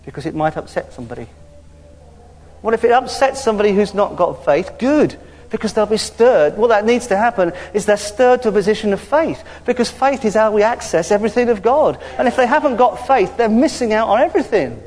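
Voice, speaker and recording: A man preaching a conversational sermon, lively and informal, punctuated with hallelujahs. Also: high-pitched, fairly quick. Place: church hall. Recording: hall reverb.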